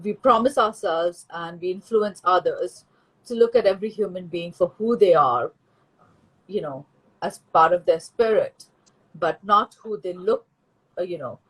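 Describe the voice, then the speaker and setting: Woman host, husky voice, measured and chatty, many fillers. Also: on the low side, poor audio. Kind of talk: casual interview conversation.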